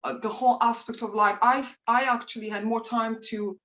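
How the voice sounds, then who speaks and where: A woman's voice: on the high side, fairly even intonation, a little fast, fairly bright tone, rough recording. A woman talking as an interview guest over a video call from home. She chats freely, laughs often and repeats words as she goes. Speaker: interview guest, rapper and preacher.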